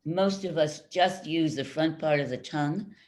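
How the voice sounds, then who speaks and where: Older female voice coach, energetic and coaxing, heard over a video call. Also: low voice, normal speed. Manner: coaxing, energetic, repeats instructions. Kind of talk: leading a group vocal warm-up.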